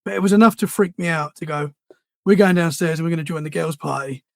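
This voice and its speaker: A man, speaking high for a man with a gravelly rasp. He tells his story earnestly, often stumbling and repeating words. The sound is close and dry. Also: fast, no room sound. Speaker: podcast guest. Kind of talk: casual storytelling interview.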